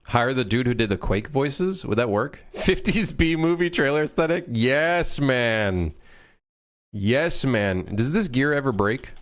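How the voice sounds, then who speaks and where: A man developing a game on a live stream, chatting casually, joking and swearing as he thinks out loud. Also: medium pitch, expressive, measured pace. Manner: rambling, jokey, swears freely, thinks out loud.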